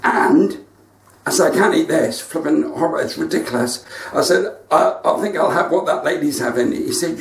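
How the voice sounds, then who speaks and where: Live streaming from home, a male stand-up comedian with a West Country English accent tells cheeky jokes and throws asides to his viewers. His slightly high, expressive, creaky voice moves at normal speed, picked up off mic from a distance in an echoey room.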